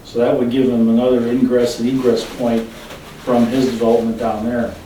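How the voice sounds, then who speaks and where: A man chairing a public city meeting. He leads the talk in a halting way and restarts often. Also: medium pitch, little pitch movement, dark tone, a little hiss or hum. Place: council meeting room. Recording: echoey room, far from the mic.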